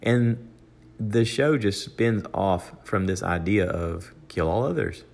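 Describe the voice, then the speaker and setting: An older man with a very low voice talks loosely through a solo podcast, with an American accent. He wanders from point to point with plenty of "uh" and "you know", and restarts his sentences. When he quotes someone, his pitch jumps up. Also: slow, creaky, a little mellow. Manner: rambling, conversational, with many fillers and restarts. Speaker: podcast host. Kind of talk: casual solo monologue.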